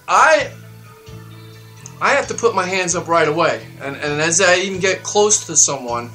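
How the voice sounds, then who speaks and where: A man hosting his own show, delivering a heated political rant that swings up into loud, high outbursts. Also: expressive, moderate pace, faint music behind. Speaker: show host. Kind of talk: ranting political monologue.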